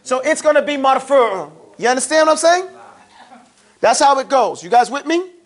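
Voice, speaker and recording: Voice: high-pitched, animated, moderate pace. A teacher giving a classroom grammar lesson, drilling students with playful call-and-response questions. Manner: playful, teasing.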